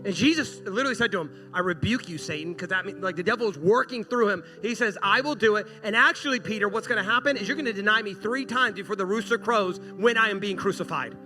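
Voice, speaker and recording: A man preaching a sermon, telling a story with animated, acted-out dialogue. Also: sits high, fast talker, few pauses. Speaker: pastor. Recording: music playing behind.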